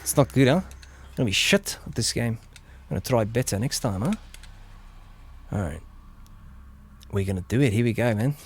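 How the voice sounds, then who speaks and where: A man streaming a video game with casual commentary, excitable, swearing and begging his character to survive. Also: mid-range voice, moderate pace, pauses often, breathy edge. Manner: excitable, begs and yells at the game, swears freely.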